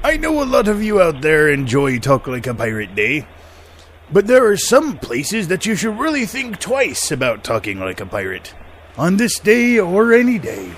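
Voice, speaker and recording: A man's voice: on the high side, wildly swooping pitch, normal speed, slight background noise. A man hosting a podcast in a comic pirate character, with a mock pirate accent, laughing at his own jokes.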